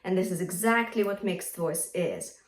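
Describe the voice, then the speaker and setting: Female vocal coach, clear encouraging teaching voice, echoey room, slightly distant mic. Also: on the low side, moderate pace. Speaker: singing teacher. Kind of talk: vocal lesson with sung demonstrations.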